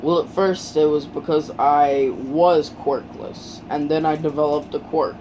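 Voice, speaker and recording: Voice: medium pitch, fairly even intonation, measured pace, mellow, slight background noise, natural voice, rough recording. Storyteller voicing an earnest teenage boy hero.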